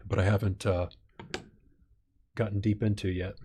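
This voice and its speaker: A man's voice: fairly low pitch, mellow, slight background noise. A man hosting a live stream Q&A, reading viewer questions and thinking aloud with some fillers. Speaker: channel host.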